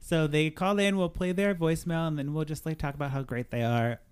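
A man hosting a podcast, upbeat and casual with quick self-deprecating asides. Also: on the high side, steady tone, clean tone. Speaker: podcast host. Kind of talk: casual chat.

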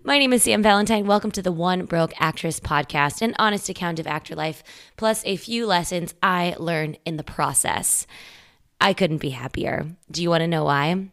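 A young woman hosts a podcast in a chatty, upbeat, candid way. Her voice has a slight morning roughness, and she swears casually as she talks. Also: lowish voice, normal speed, fairly bright tone. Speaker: podcast host. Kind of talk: casual podcast monologue and interview.

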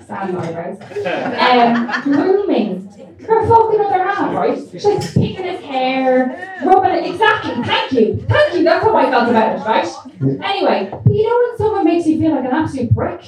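A woman telling a story on a podcast, slightly high-pitched and very lively in her pitch, laughing and swearing freely. She sits away from the mic in a boomy, echoing room with steady noise behind her. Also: normal speed, a crowd in the background. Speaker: podcast co-host. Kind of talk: casual storytelling chat. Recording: echoey room, distant mic, background noise.

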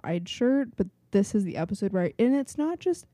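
A young woman co-hosts a podcast and walks through TV scenes in chatty detail, full of filler words. Her voice is warm and mellow, recorded close and dry. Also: medium pitch, very animated, brisk, no room sound. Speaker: podcast co-host. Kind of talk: casual chat recapping a TV episode.

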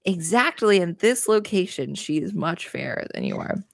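A solemn, blunt magic mirror, as a woman puts it on delivers its answer slowly and deliberately. The voice stays low and gravelly, with a close, dry sound. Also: animated, dry recording.

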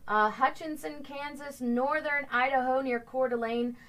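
A woman hosting a casual talk show, upbeat and quick to laugh as she reads out viewers' hometowns. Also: high voice, steady tone, fairly bright tone. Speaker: show host. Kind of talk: casual morning show chat. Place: home studio set.

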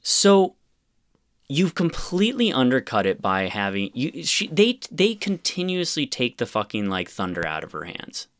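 Reviewing a film as a podcast co-host, this man talks at normal speed in a mid-range, fairly bright voice that swings hugely in pitch. His casual rant is full of swearing and exasperation.

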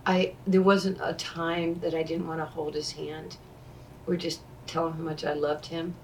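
A woman in her sixties tells her stories with a low voice, slipping into the voices of the people she quotes. The mic sits some way off, so she sounds a little distant. A faint hum of ambience lies underneath. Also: a little slow. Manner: animated, acts out quoted speech. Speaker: interview guest. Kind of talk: conversational storytelling.

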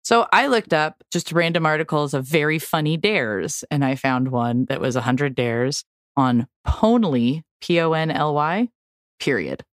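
A woman's voice: sits low, expressive, unhurried, no room sound. A woman co-hosting a podcast, reading a list of dares aloud with dry jokes in casual chat. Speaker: podcast co-host.

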